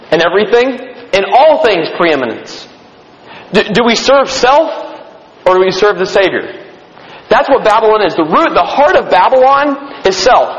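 A man preaching a sermon to a room, reading scripture aloud and stopping to stress points. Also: high voice. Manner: animated preaching, reads scripture aloud with emphatic pauses. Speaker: pastor. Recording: dull reverberant hall sound.

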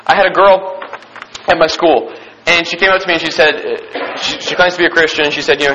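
Young guy preaching, bright forceful voice, kinda high, keeps repeating stuff all fired up. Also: a little fast, rough recording. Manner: emphatic and excited, repeating key phrases; frequent restarts and fillers. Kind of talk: sermon with scripture reading.

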